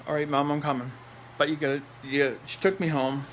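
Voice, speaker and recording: A man's voice: fairly high pitch, little pitch movement, a little fast, fairly bright tone, a little hiss or hum, poor audio. A man telling a personal story in a blunt, rambling way, repeating phrases for emphasis and laughing in between. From Nova Scotia, Canada.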